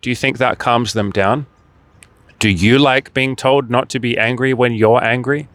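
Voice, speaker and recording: Man, dating coach, somewhat low voice, blunt, swears a lot, rhetorical questions, dry sound. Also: fairly bright tone, smooth, dry recording. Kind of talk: direct-to-camera motivational monologue.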